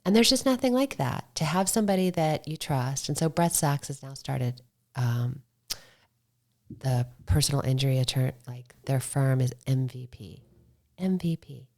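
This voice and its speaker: A middle-aged woman with a notably low voice, chatting on a podcast. She tells her stories in a relaxed, talkative way and acts out what other people said, sometimes sinking to a soft whisper. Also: moderate pace. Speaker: podcast guest, motorcycle club founder. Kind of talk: casual podcast conversation.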